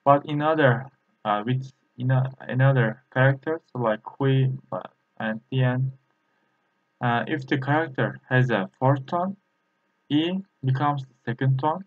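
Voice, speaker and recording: Explaining a lesson, this man, a native Turkish speaker with a Turkish accent, speaks haltingly in a mid-range voice, frequently pausing with fillers and repeating drill syllables. The sound quality is lo-fi and tinny, like a phone call.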